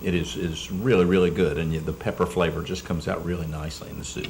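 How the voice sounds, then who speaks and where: A man with a notably deep voice chats over dinner in an easy, meandering way. He repeats words and drops fillers as he goes. A light hiss sits under the recording. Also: little pitch movement, fast, gravelly, darkish tone. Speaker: dinner guest, state delegate. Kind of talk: casual chat over dinner.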